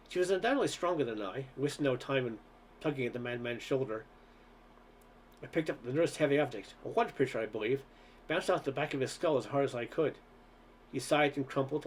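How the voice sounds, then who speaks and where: Brief: male audiobook reader, mid-pitched, earnest first-person storytelling, faint hiss behind. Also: fairly quick. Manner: earnest storytelling with occasional stumbles. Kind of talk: reading a novel aloud.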